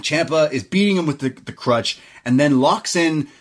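A young man co-hosting a podcast, recapping a wrestling show in a casual, excited way, swearing freely and laughing often. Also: on the high side, moderate pace. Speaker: podcast co-host.

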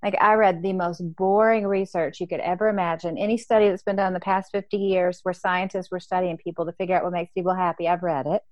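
A woman's voice: on the low side, steady tone, fast talker, few pauses, a little mellow, dry recording, muffled recording. Chatty Southern woman telling her story. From American South. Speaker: author and guest. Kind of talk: podcast interview.

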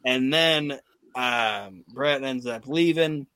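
A man's voice: mid-range voice, slow, bright, forceful tone, dry recording. A man hosting a casual podcast chat, retelling a wrestling event with frequent laughter and acted-out quotes. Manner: laughs often, acts out quotes in put-on voices. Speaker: podcast host.

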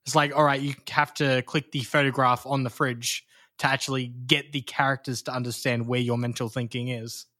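A man hosting a podcast, chatting about video games in a hesitant, halting way with many restarts. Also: medium pitch, little pitch movement, sharp tone. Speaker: podcast host.

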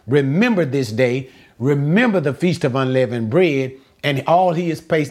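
A man teaching a verse-by-verse Bible lesson, who asks rhetorical questions, answers them himself and repeats words for emphasis. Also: medium pitch.

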